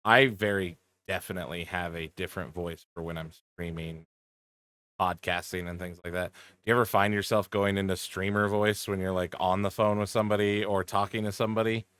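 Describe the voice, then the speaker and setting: Bright-toned man hosting a casual podcast. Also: low-pitched, a little fast, smooth, no room sound. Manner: relaxed, rambling questions with fillers. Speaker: podcast host.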